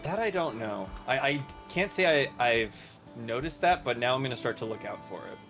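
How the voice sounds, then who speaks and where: A man's voice: mid-range voice, animated, moderate pace. Rambling male streamer, music behind. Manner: rambling, laughs often. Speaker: streamer host. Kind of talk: casual chat while gaming.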